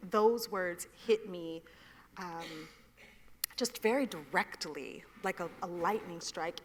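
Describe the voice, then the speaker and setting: A woman moderating a festival panel, thoughtful and measured in her questions. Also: medium pitch, a little hiss or hum. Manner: thoughtful, reads a passage aloud. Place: festival stage. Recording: long reverb of a hall.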